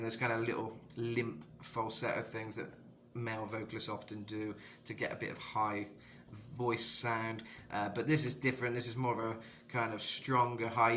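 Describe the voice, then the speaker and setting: Male vocal coach, casual rambling tutorial, a little rough in the throat, very bright tone, faint background hiss. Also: medium pitch. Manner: rambling, lots of "you know", jumps into sung demos.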